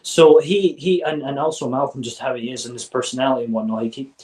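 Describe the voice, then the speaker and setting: A man's voice: medium pitch, fairly even intonation, fast talker, warm tone. Candid man, sounding distant from the mic. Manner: candid, restarts often, blunt swearing. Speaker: interview guest, former member. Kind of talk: casual interview.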